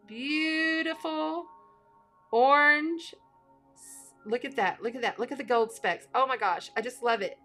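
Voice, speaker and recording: A woman hosting an astrology show, chatting casually and gushing excitedly over a giveaway. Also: fairly high pitch. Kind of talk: casual livestream giveaway chat.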